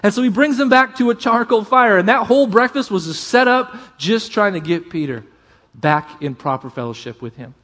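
A pastor preaching a sermon, earnest and emphatic, often dropping to a hush. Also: male voice, high-pitched, lively intonation, moderate pace.

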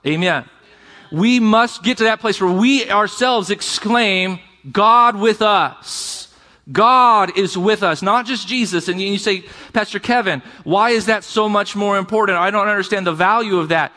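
A man's voice: sits high, moderate pace, bright, forceful tone. A man preaching a sermon as pastor, talking conversationally and calling out to his congregation. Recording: long reverb of a large hall.

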